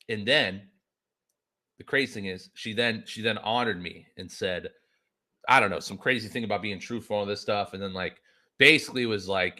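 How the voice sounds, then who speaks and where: A man's voice: on the low side, moderate pace, pushed and bright. A man on a podcast casually telling a long story, swearing freely and rambling with lots of filler words. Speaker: podcast host.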